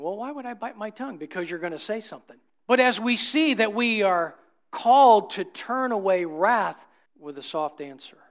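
Man, high-pitched voice, preacher, sermon, rhetorical questions, emphatic rises and quiet drops. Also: lively intonation, brisk. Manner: rising to emphatic peaks, then dropping low and soft; asks the congregation rhetorical questions.

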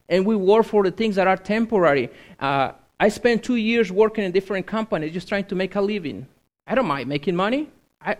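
Earnest high-voiced man preaching a sermon. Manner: earnest, emphatic, repeats key phrases. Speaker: missionary preacher. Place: church.

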